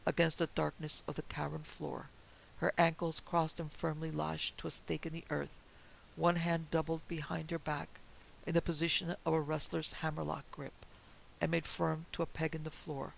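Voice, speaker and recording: A woman narrating a classic horror story in a steady, measured storytelling manner. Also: low-pitched, creaky, slight background noise, low-quality recording.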